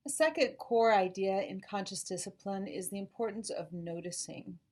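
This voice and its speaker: Calm woman school psychologist explaining. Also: medium pitch, moderate pace. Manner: calm, explanatory, models gentle phrases to say to children. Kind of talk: informational talk to parents.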